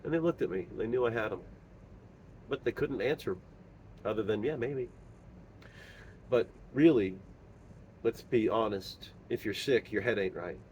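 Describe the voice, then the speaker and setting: A middle-aged man telling a personal story as a father, halting and earnest, with many pauses and fillers. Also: fairly low pitch, a little mellow, a little hiss or hum. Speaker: father sharing his story. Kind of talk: personal monologue.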